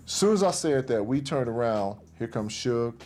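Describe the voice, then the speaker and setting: A man's voice: mid-range voice, expressive, normal speed, a little mellow. A man casually recounting a night's events, switching to others' voices as he quotes them. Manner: recounts events in present tense, voicing others' lines. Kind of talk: casual storytelling. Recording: clear music bed under voice.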